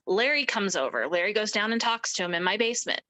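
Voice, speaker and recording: A woman's voice: medium pitch, expressive, fast talker, sharp tone, low-quality recording. A middle-aged woman, an interview guest, recounting a personal story emphatically and acting out the people she quotes.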